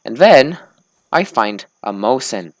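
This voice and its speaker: A man's voice: medium pitch, sing-song, takes it slowly, no echo. Male let's-play host, sleepy and slurring, rambling chat, dry close sound. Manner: rambling small talk, slurred words. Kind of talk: casual gameplay commentary.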